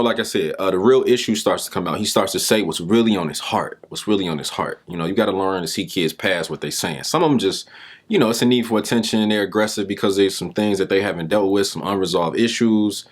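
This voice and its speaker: A young adult man giving a motivational talk, telling a story in an animated, informal way. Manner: animated, informal, pitch jumps with emphasis. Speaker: speaker and mentor.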